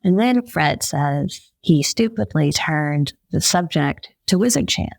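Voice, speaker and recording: A woman journalist, a podcast guest, telling a story in a lively way and acting out the quotes. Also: low-pitched, slow pace, gravelly, no room sound. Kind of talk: conversational storytelling.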